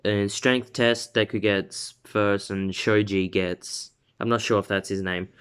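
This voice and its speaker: A man with a lowish voice retells a fan-made story in a loose, rambling way. He trips over words, laughs at his own ideas and pushes on. It sounds like casual video narration. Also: steady tone, a little slow, fairly bright tone, smooth. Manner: rambling with fillers and laughs, acts out quotes.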